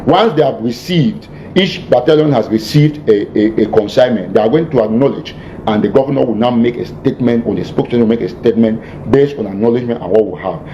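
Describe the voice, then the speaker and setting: A man's voice: quick pace, warm tone. Man, muffled. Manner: emphatic, repetitive, stumbling restarts. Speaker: militant leader addressing followers. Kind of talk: lecture-style address. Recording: muffled archive clip with faint rumble.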